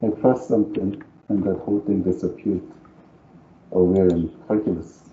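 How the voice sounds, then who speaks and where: A math teacher with a deep, warm voice and a non-native English accent delivers a live calculus lecture at normal speed, his tone steady. He reasons aloud as he works and coaxes students to agree, all in a roomy, dull lo-fi recording.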